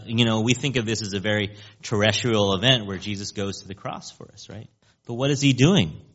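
A man preaching a sermon in a conversational, animated way, often checking in with "right?". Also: highs cut off. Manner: conversational, keeps asking "right?"; animated, rising in pitch for emphasis.

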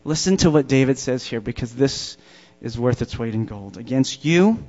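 A man preaching a sermon to a congregation in a church, emphatic and slowing down to stress key words. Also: mid-range voice, expressive, darkish tone. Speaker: pastor. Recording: dull lo-fi sound.

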